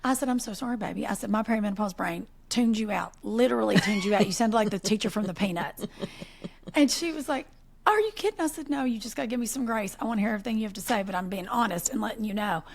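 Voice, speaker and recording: A woman in her forties co-hosting a podcast, telling animated stories in casual chat and laughing often. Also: mid-range voice, fast, creaky. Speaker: podcast co-host.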